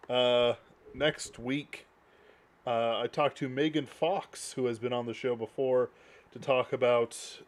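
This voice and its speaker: A man's voice: medium pitch, steady tone, slow pace. A man hosting a podcast in casual chat, talking in a rambling, self-deprecating way. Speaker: podcast host.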